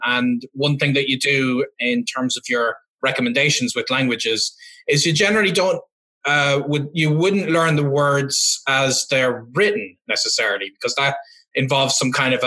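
A man's voice: mid-range voice, bright, forceful tone. A man hosting a podcast, asking long questions with hesitations and restarts. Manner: hesitant, searching for words. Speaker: podcast host. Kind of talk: casual interview questions.

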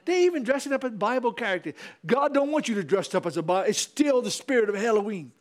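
Pastor, male, fiery sermon delivery, very high and lively pitch. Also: fast talker. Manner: fiery preaching with repetition and calls to the congregation.

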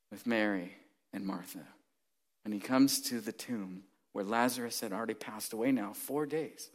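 Earnest guy preaching, kinda high voice, gets quiet then loud and pushy. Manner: earnest and emphatic, swinging between hushed and raised passages. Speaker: pastor. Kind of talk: sermon.

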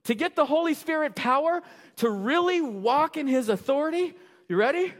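A male pastor preaching a sermon, animated, swinging from loud bursts to quiet asides. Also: very high-pitched, moderate pace. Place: church sanctuary. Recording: long reverb of a large hall.

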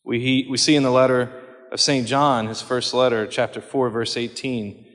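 A man's voice: medium pitch, flat delivery, a bit bright. Guy giving a homily in a church, earnest, takes his time, mid voice, big echoey hall. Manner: measured and earnest, slowing for quoted words. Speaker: priest. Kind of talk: homily on scripture. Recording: long hall reverb.

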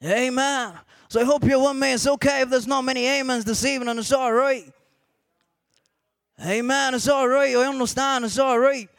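A man preaching a sermon to a congregation, repeating "amen" often and rising to shouted emphasis. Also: extremely high pitch, fairly even intonation, normal speed, creaky, no echo.

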